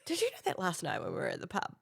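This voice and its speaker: A woman's voice: lowish voice, huge pitch swings, rapid-fire, creaky, husky, dry recording, clean studio sound. A young woman from New Zealand with a New Zealand accent, co-hosting a podcast, telling stories dramatically with casual swearing. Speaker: podcast co-host. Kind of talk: casual chat.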